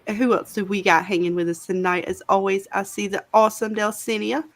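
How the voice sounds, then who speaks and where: A woman's voice: mid-range voice, level tone, brisk. A woman with a Southern US accent co-hosting a casual livestream, chatty and greeting viewers by name. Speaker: livestream co-host.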